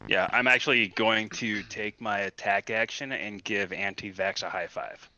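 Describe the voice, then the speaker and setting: A man playing a tabletop game, excitable and laughing often in casual banter. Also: fairly low pitch, moderate pace, muffled recording, slight background noise. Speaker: player.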